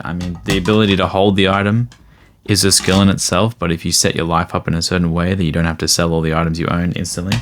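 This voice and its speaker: Male vlogger, deep voice, easygoing rambling delivery, faint hiss behind. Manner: rambling, easygoing, thinks aloud. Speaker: card collector vlogger. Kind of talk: casual vlog commentary.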